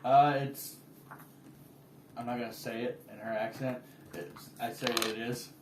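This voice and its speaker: A woman's voice: extremely low pitch, fairly even intonation, a little slow, roomy sound, far from the mic, noisy background. A woman playing in a tabletop game, asking curious questions about what her character knows. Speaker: player. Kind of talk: casual tabletop game chat.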